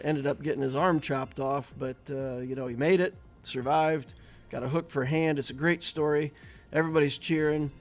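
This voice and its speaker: A man's voice: medium pitch, creaky. A man streaming a video game, chatting casually and telling jokes with a laugh. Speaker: gaming streamer. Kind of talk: casual live-stream commentary with joke telling.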